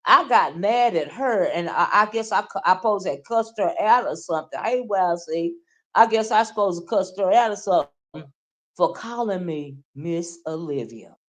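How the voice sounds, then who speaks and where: A woman hosting a livestream, ranting casually and talking straight to her viewers, often checking in with "right?" and "okay?". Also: lowish voice. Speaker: livestream host. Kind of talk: casual livestream rant, reading chat.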